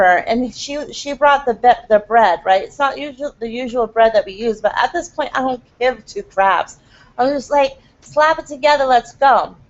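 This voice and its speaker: A middle-aged woman vlogger telling a frustrating story in quick, animated casual talk. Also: a little high. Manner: fast, animated, frustrated retelling. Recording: dull lo-fi home recording.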